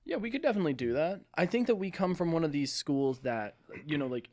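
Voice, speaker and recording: A man's voice: a little high, fast talker, no room sound, clean studio sound. A young man from New Jersey co-hosting a college podcast, chatting and joking. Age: young adult. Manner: animated, laughing banter. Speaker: podcast co-host. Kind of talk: casual chat. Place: college radio studio.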